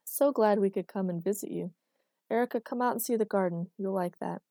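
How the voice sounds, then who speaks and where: A woman's voice: medium pitch, brisk, warm tone, dry recording, clean studio sound, close to an everyday voice. Marcus, a woman reading as a wry grown son.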